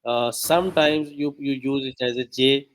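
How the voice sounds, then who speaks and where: A man teaching a one-on-one online language lesson, pausing often with fillers. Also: medium pitch, poor audio. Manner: hesitant, many "uh" and "you know".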